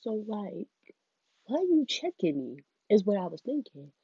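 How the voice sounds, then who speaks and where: A young woman tells a casual storytime vlog, animated and quoting people in changing voices. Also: mid-range voice, a little slow, creaky, breathy edge, no echo, muffled recording.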